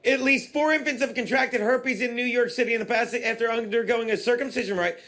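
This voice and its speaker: A man's voice: extremely high pitch, steady tone, brisk, bright, forceful tone. A male podcast host in casual comedic banter, laughing in disbelief as he reads a news article aloud.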